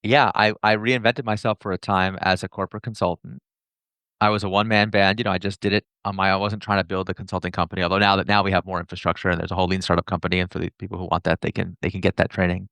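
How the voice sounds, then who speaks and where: Fast-talking man with a gravelly voice. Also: sits low, no echo. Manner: fast, animated storyteller who acts out quoted dialogue. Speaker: entrepreneur and author, podcast guest. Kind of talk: casual interview talk.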